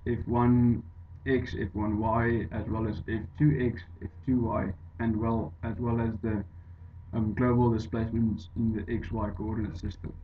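A man explaining an engineering derivation over slides in a halting way, with many fillers and restarts. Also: medium pitch. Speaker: engineering tutor. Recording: dull lo-fi voice-over with faint hiss.

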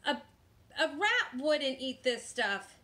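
A woman voicing a loud, blustering male pirate captain in a picture book read aloud. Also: sits high, sing-song, slow, voice pushed up, full character voice. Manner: hollering pirate talk.

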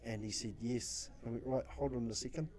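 A man recounts stories from his social work in a casual interview. He has a warm, mellow voice at an ordinary pitch and acts out his own quotes, swearing freely. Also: steady tone, a little fast. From New Zealand. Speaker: social worker guest.

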